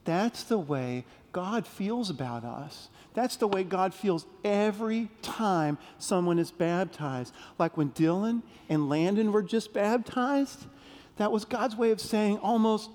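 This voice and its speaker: A man giving a playful children's sermon, telling a story gently and asking the kids questions. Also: sits high, expressive, slow pace. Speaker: pastor leading a children's message. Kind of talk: children's sermon with call-and-response. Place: large church sanctuary. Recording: long reverb of a big sanctuary.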